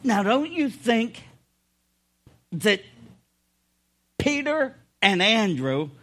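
An older man preaching a sermon in a folksy way, swinging between loud emphasis and quiet asides. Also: high-pitched, big pitch swings, drawn-out words. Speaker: pastor.

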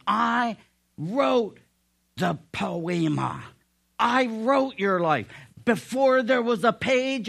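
A man's voice: high-pitched, gravelly, fairly bright tone, slightly rough, voice pushed up, heavily acted. A man voicing God as a commanding male deity, proclaiming in a raised, emphatic voice.

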